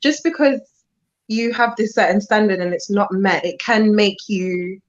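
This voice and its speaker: A woman's voice: medium pitch, measured pace. Woman on a panel call, lots of ums, talks easy and unsure, muffled headset sound. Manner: hesitant, many ums, easygoing. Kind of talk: casual podcast debate. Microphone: headphones mic. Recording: dull lo-fi online call audio.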